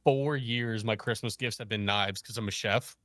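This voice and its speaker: Bright, animated man telling a story. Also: fairly low pitch, normal speed, no echo, studio quality. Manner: animated, laughs often, acts out quoted dialogue. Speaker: guest, chef. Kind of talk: casual storytelling chat.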